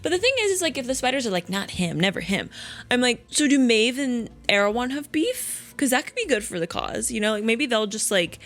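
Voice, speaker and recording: A woman's voice: a little high, animated, brisk, hardly any pauses, fairly bright tone. A woman book vlogger chatting casually and gushing, with plenty of "like" fillers. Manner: gushing, heavy use of "like". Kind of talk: casual reading vlog.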